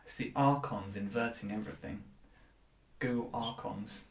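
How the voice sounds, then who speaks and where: A man's voice: on the low side, normal speed, gravelly. A man co-hosting a podcast, giving blunt opinions in casual chat and swearing freely. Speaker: podcast co-host. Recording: roomy, distant from the mic, faint noise.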